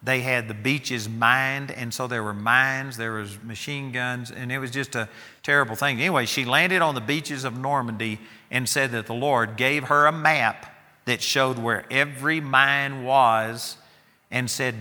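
A man's voice: medium pitch, measured pace, bright, forceful tone, long reverb tail. A man preaching a sermon to students, emphatic and given to storytelling, often repeating himself for emphasis.

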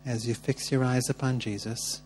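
Male workshop leader, warm-hearted and encouraging, mid-pitched, slight hum. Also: little pitch movement, moderate pace. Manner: gentle and encouraging, upbeat when calling on people. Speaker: teacher leading a church workshop. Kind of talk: guiding prayer and group sharing.

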